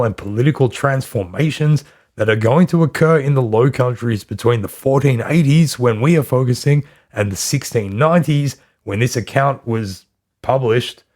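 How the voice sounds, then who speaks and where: A male podcast host narrates history from a script in a voice of ordinary pitch. He delivers it steadily and adds dry, wry comments along the way. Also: a little mellow.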